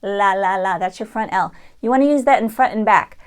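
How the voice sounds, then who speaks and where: A woman's voice: on the high side, expressive, a little fast. Woman teaching sounds. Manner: demonstrates sounds, switching in and out of an Irish accent. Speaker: accent coach. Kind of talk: dialect tutorial.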